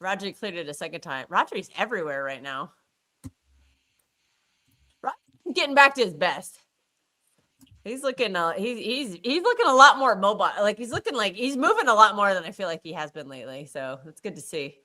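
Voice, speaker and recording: A woman co-hosting a live football watchalong stream, excitable and swearing freely as she reacts to every play. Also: medium pitch, normal speed. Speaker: livestream co-host watching a football match. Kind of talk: live match watchalong commentary.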